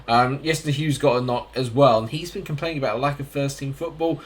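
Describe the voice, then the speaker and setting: A man talking through his football management game in a relaxed, chatty way. He narrates each match moment as it happens, at a middling pitch, recorded close on a desk mic. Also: fast. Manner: chatty, commentates on the match as it plays out. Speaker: gaming YouTuber. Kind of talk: casual gameplay commentary.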